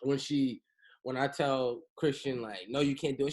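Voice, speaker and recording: A man co-hosting a podcast, bantering in animated, slangy casual chat. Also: medium pitch, moderate pace. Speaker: podcast co-host.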